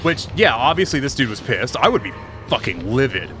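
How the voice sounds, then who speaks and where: A man's voice: mid-range voice, sing-song, brisk, fairly bright tone, faint music behind. A man streaming a game, telling rambling, profane work stories in casual chat. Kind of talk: casual chat while gaming.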